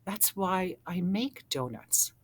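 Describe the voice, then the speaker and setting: A woman voicing a kindly, matter-of-fact male baker who speaks calmly. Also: lowish voice, slow, husky, exaggerated voice.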